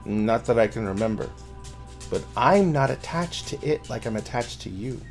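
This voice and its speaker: A man voicing a quiet, measured spirit of the mind. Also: mid-range voice, animated, vocal fry, soft background music. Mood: grave. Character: calm low spirit, another half within the mind.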